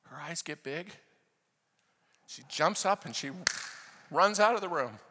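An American man preaching a sermon, telling a story with passion and moving between loud fervent prayer and hushed narration. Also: on the high side, animated, a little slow, noisy background. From United States. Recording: reverberant hall.

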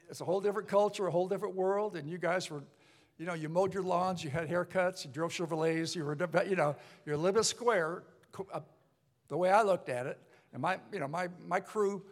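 An older man, a pastor, telling his story in a sermon, lively, with many restarts and acted-out voices. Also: sits high. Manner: animated storyteller, acts out voices, rambling restarts. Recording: long hall reverb.

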